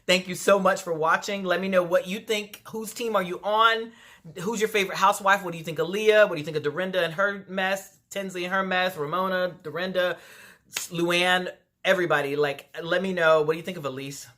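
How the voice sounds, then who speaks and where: Bright, chatty recap vlogger. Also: mid-range voice, steady tone, brisk. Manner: chatty, gossipy, full of asides and fillers. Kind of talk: casual chatty commentary. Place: at home.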